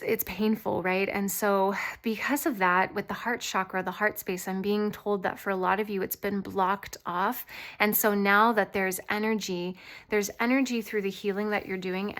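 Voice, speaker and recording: A woman with a light voice giving an intuitive tarot reading to her viewers, earnest, reassuring and gently rambling. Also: medium pitch. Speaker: tarot reader.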